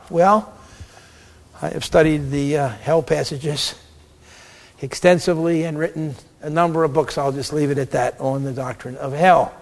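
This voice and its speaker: Male preacher, emphatic and lively, slightly high voice; long hall reverb. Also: normal speed. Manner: emphatic, lively, acts out quotes. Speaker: preacher and theologian. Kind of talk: sermon.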